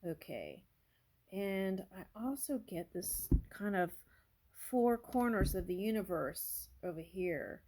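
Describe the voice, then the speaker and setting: Slow musing woman reading tarot cards. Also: mid-range voice, animated, a little mellow. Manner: musing, thinks aloud, exclaims over cards. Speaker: tarot reader.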